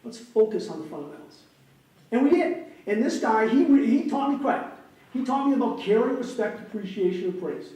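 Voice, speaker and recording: A man in his fifties from Wisconsin gives a keynote speech as an animated storyteller with comic timing. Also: very high-pitched, brisk. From Wisconsin, USA. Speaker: keynote speaker. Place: large hall, on stage. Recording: echoey hall, distant mic, faint noise.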